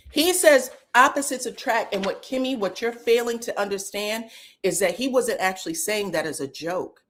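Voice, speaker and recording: Casting note: a woman recapping reality TV in a blunt, animated way, with big pitch swings whenever she quotes the cast. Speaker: reality TV commentator. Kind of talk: casual reaction commentary.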